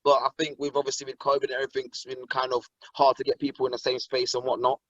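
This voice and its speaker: Fast-talking excitable young man guest. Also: medium pitch, no room sound, lo-fi sound. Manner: excitable, swears, laughs often. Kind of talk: casual video call chat.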